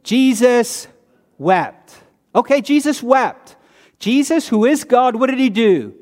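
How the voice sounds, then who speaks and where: A male pastor with a high voice gives a sermon in plain, chatty language. He asks his listeners questions and answers them himself, sinking low and quiet on the words he stresses. The long reverb of a church hall trails after him. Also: measured pace. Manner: conversational preaching with rhetorical questions, dropping low on key words.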